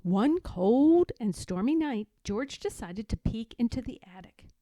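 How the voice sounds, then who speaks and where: A woman reading a children's picture book aloud, expressive and giving voices to the dialogue, in a quiet small room. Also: on the high side, measured pace, no room sound. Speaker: read-aloud narrator.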